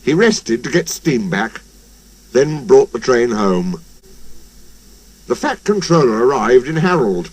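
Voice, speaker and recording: A man narrating a children's story in a slow, highly animated storytelling manner. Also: breathy edge.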